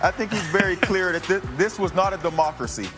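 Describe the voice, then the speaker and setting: A man's voice: high-pitched, loud music behind the voice. A man arguing animatedly as a sports talk show panelist. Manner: argumentative, quick interjections. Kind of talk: animated debate.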